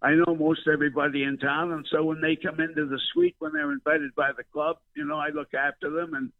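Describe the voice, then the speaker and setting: An older man, a veteran broadcaster, rambles through his memories with fillers and restarts. His fairly high voice comes over a thin, phone-like line. The sound is dry and close. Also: expressive, fairly quick, gravelly, dry recording. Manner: storyteller, many fillers and restarts. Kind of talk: rambling reminiscing interview.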